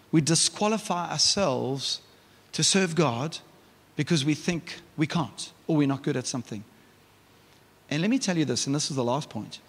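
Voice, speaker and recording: A male pastor, preaching a lively, conversational sermon with frequent restarts. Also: fairly high pitch. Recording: reverberant church hall.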